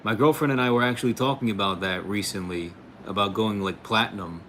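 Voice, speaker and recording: Speaking briskly in a lowish, somewhat bright voice, this American livestream host works through comments from chat. He's relaxed, laughs a lot, and addresses people as "bro" and "dude," over a faint hiss or hum.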